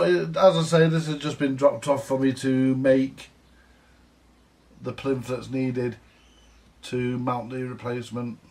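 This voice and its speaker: A man talks to camera in a loose, rambling way, full of ums and the odd curse. He speaks slowly, and the mic sits well away from him. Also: mid-range voice, distant mic. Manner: rambling, chatty, lots of fillers and swearing. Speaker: vintage audio repair vlogger. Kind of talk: casual workshop talk to camera.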